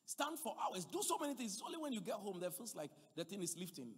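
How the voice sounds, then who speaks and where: A man preaching a sermon, swinging between loud emphatic passages and quiet asides. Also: high voice, big pitch swings, quick pace, husky, in a large hall.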